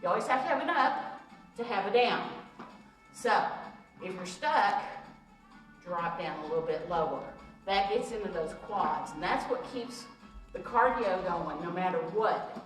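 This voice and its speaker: A woman's voice: fairly low pitch, unhurried, pauses often, soft background music. A woman fitness instructor teaching a belly-dance workout, counting out moves and cueing steps as she demonstrates, with jokey asides. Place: recreation center room. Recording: very echoey room, voice from far off.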